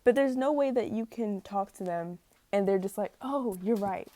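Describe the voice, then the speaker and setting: A woman's voice: mid-range voice, moderate pace, warm tone, dry recording. Exasperated young woman ranting to camera. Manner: rambling, exasperated, stumbles over words and laughs at herself. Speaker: vlogger. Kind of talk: casual rant to camera.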